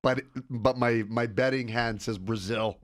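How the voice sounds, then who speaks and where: A man's voice: mid-range voice, fairly even intonation, unhurried. A man co-hosting a sports podcast, giving opinionated, emphatic takes in casual chat. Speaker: podcast co-host.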